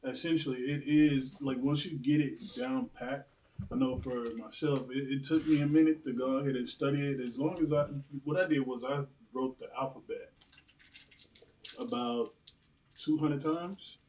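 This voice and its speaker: A relaxed man talks at a religious service in an easy, conversational way. His phrasing is loose and scattered with fillers. He sits back from the microphone, so his voice carries a roomy distance. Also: medium pitch, moderate pace. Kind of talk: casual talk at a religious service.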